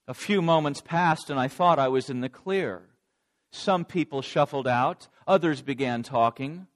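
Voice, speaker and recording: Brief: a man as a regretful disciple confessing his story, dramatic monologue, a bit higher pitch. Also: unhurried, natural voice. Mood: remorseful. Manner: dramatic first-person storytelling. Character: remorseful adult male disciple recounting denial. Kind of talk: first-person dramatic monologue.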